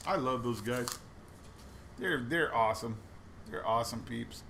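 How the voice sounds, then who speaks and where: This coin roll hunting vlogger talks casually while sorting through boxes of coins, spinning chatty stories full of restarts. His voice sits at a medium pitch with a fairly bright tone, his pace is a little slow, and there's a slight hiss or hum.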